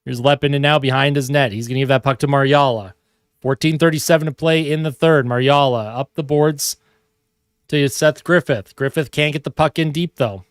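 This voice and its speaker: A young man giving casual live hockey play-by-play from his home, excitable and chatty. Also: medium pitch, moderate pace, smooth, dry recording, clean studio sound. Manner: excitable calls that break off to coo at his cat. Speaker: fan streamer doing live play-by-play. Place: home room at his monitor.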